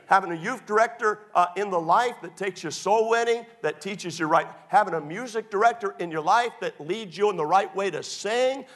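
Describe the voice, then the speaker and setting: A middle-aged man preaching from the pulpit in a high, ringing voice. He swings from emphatic, near-shouted lines to folksy, joking storytelling. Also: normal speed, few pauses. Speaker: pastor. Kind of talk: sermon.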